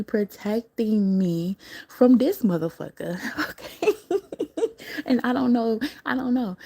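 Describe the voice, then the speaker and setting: A woman speaks casually into her livestream, her voice gravelly with fry and softly mellow in tone. She rambles through her story, breaks into frequent laughs and swears without a second thought. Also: on the high side. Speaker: livestream host recounting a dream.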